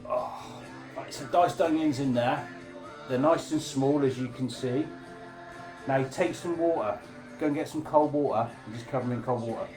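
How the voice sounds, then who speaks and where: A man's voice: medium pitch, normal speed, music in the background. Chatty man teaching cooking. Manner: chatty, jokey, informal. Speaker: cooking class host. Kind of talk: casual live cooking demonstration.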